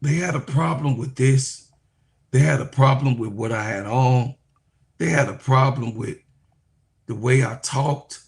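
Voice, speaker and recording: A man hosting a sports live stream who reads chat comments and speaks in a preacherly way, repeating phrases for emphasis and swinging from low asides to loud, high proclaiming. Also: a little slow, creaky. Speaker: sports talk host.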